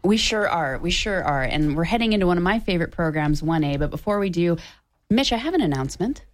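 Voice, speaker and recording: A woman's voice: lowish voice, animated, fast. A woman hosting public radio, making an upbeat, persuasive appeal during a membership drive from a studio microphone.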